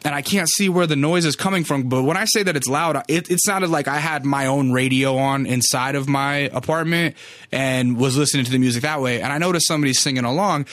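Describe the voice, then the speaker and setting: A man's voice: medium pitch, a little fast, a bit bright, dry recording, clean studio sound. A young man casually telling a long story, rambling and cursing freely, with lots of filler words. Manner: rambling, profane, filler-heavy.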